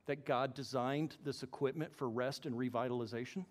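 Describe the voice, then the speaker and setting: A man preaching a sermon as pastor, animated and acting out the voices he quotes. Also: mid-range voice, moderate pace. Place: church hall. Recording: long hall reverb.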